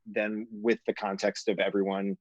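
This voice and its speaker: A man's voice: fairly low pitch, level tone, normal speed, dry recording, muffled recording. A man co-hosting a podcast in casual chat, hesitant with many ums. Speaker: podcast co-host.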